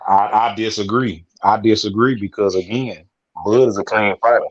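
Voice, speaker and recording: A man co-hosting a casual boxing podcast, joking loosely and talking in quick restarts. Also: fairly low pitch, steady tone, no room sound. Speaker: podcast co-host. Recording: dull lo-fi sound.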